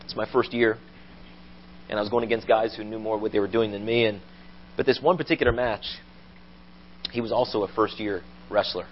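A man preaching a sermon, telling stories with animated delivery and loud quoted voices. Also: on the low side, fairly quick, long pauses, highs cut off, a little hiss or hum. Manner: animated storytelling, rising to loud acted quotes. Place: church.

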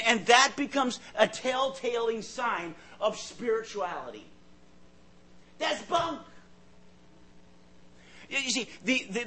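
An earnest man delivers a sermon in a very high voice, his volume swelling and fading as he often repeats words while reaching for his next thought. A faint hiss or hum sits under the recording.

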